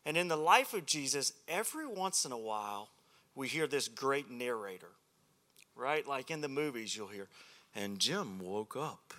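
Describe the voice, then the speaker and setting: A man's voice: medium pitch, sing-song, normal speed, sharp tone. A man preaching a humorous sermon at a men's ministry, a self-deprecating and joking storyteller.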